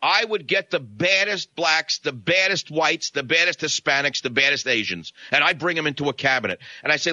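A man hosting a talk radio show rants into a studio mic, sarcastic and indignant. His voice is very bright and cutting, and the sound is close and completely dry. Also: on the high side, animated, normal speed, few pauses, dry recording, muffled recording. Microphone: studio broadcast microphone.

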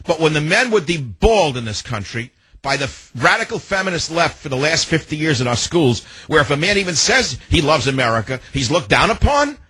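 An older man hosting a call-in radio talk show, combative and ranting, now and then rising to shouts. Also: fairly high pitch, very animated, brisk, breathy edge, no room sound, low-quality recording.

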